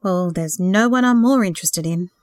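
A woman voicing a gentle, tender young man who speaks warmly and asks curious questions. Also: fairly low pitch, moderate pace, no room sound, studio quality, natural voice.

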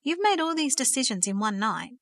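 A woman's voice: fairly high pitch, fairly quick, a bit bright, no room sound, clean studio sound, natural voice. A woman reading aloud and voicing an anxious, earnest teenage girl with an eager, breathless manner.

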